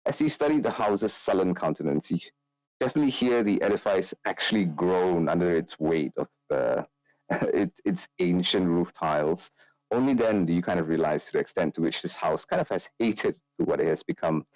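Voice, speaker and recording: A man with a very low voice narrates a tabletop game as game master. He talks loosely, filling his lines with ums and uhs. The sound is dry and close. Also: normal speed, no echo, poor audio. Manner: loose, relaxed narration with many fillers.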